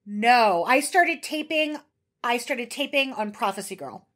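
Chatty higher-voiced woman. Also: expressive, measured pace, a bit bright. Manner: chatty, enthusiastic, many fillers and restarts. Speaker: podcast co-host. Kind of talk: casual chat.

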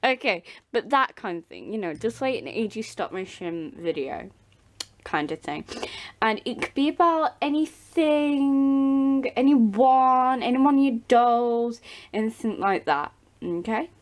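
A woman's voice: on the high side, expressive, a little slow. A teenage girl, chatting casually to her viewers in a rambling way, with many ums and restarts. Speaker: doll channel vlogger. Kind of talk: casual vlog chat. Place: home, behind the camera.

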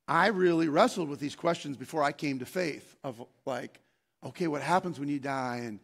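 A man preaching a sermon, telling a rambling personal story with many restarts and bursts of loud excitement. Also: fairly high pitch. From Scandinavian heritage, Norwegian. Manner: breaks into loud, excited shouting when acting out scenes. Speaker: pastor.

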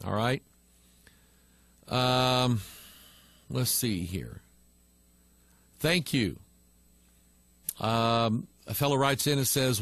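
A man's voice: mid-range voice, expressive, extremely slow, vocal fry, long pauses, fairly bright tone, dry recording. A male pastor teaching online, reading viewer messages aloud and answering them bluntly and with emphasis.

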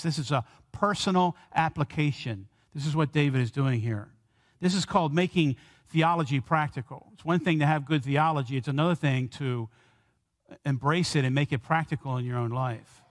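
A man preaching a sermon in a church sanctuary. He talks in earnest, and his voice slows and climbs when he quotes a prayer. The pitch sits a touch high, and a long hall reverb trails each phrase. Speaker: pastor.

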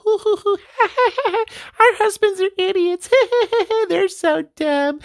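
Shrill giggly housewives. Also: female voice, drawn-out words, exaggerated voice. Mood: gossipy. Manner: high, giggly, prim. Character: gossiping shrill 1980s housewives.

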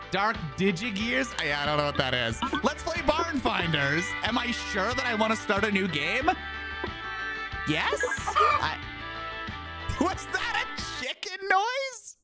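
A man streaming a video game, chatting casually as he plays, rambling and joking with frequent swearing. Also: high voice. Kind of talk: casual gameplay commentary.

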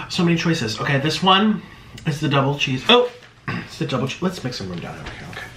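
Excitable man gushing over food. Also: on the high side, a little fast, noisy background. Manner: excitable, gushing, full of exclamations. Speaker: mukbang host. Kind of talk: casual eating vlog chat. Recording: roomy echo.

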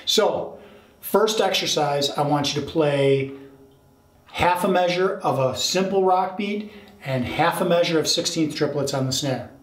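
A man's voice: on the high side, a little slow, echoey room. A man teaching drums, explaining a fill and counting the rhythms aloud, checking in with the listener as he goes. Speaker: drum teacher. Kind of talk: instructional explanation.

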